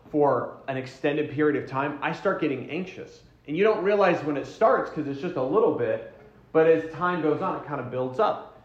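A man leads a church marriage class, speaking in an easy, conversational way to a group in the room. He repeats and restarts his words and asks the listeners questions. The recording is roomy and slightly dull, with a lo-fi sound. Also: a little high.

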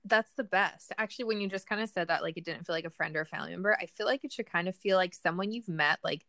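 A woman co-hosting a casual chat, mostly listening with short replies, then musing quickly. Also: fairly low pitch, sharp tone, no room sound, studio quality.

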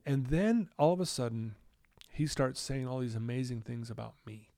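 Guy telling his story on a podcast, candid and animated, dry close sound, mid voice. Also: mid-range voice, moderate pace, no room sound. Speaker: podcast guest. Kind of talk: storytelling in a casual interview.

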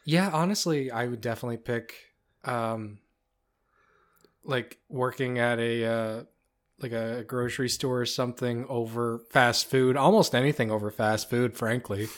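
Brief: young guy, casual podcast co-host, mid-pitched, deadpan jokes, lively storyteller. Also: normal speed. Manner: deadpan teasing, animated when telling a story.

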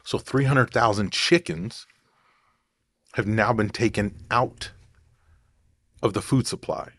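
A man's voice: medium pitch, slow, vocal fry, fairly bright tone, dry recording, clean studio sound. A man talking casually to camera in a rambling, digressive way, thinking aloud as he goes. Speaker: vlogger.

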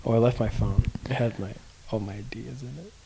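A teenage boy trading jokes on a home podcast, teasing his friends with deadpan sarcasm. A faint hiss sits under his voice. He records in his home garage. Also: mid-range voice, fairly quick, creaky, poor audio. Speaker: podcast co-host. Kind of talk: casual chat.

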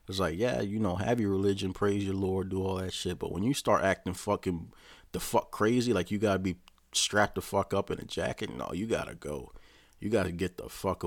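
A man with a very low voice delivers a rambling, profanity-heavy rant, speaking casually to his own channel. He restarts his sentences often and swears constantly. The sound is dry and close, with no room echo. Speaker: vlogger.

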